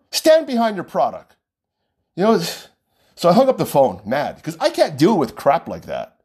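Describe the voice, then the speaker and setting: A man's voice: a little high, wildly swooping pitch, normal speed, a little mellow, breathy edge. A man who works as a wedding vendor, talking straight to brides in an outspoken, heated rant that repeats points for emphasis. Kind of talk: ranting direct-to-camera vlog.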